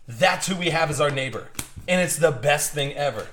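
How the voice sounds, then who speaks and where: A man's voice: on the high side, animated, normal speed, background noise. A young man hosting a live card-opening stream, chatting casually and rambling through stories with lots of restarts. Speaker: card break host.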